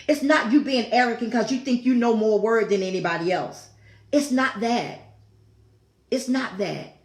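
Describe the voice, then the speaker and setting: A talk show host teaches scripture in a fervent, preaching style, her voice on the high side and a bit bright. She repeats phrases and throws in exclaimed asides, and the room sounds echoey.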